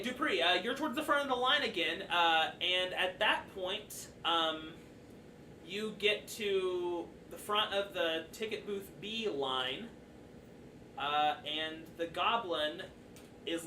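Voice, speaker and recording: A man's voice: sits high, pushed and bright. A man narrating a tabletop game as dungeon master, loose and chatty with lots of fillers. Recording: echoey room, far from the mic, faint noise.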